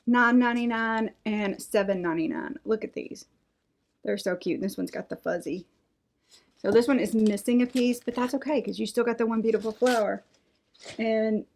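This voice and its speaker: A middle-aged woman, chatting excitedly as she unboxes craft items and reads out prices. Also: medium pitch. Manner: gushing, enthusiastic, reads out prices. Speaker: unboxing vlogger. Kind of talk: casual unboxing chat.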